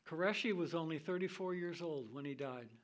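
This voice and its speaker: An older man teaching from the Bible in a sermon style, reading scripture in a measured, deliberate way. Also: a little high.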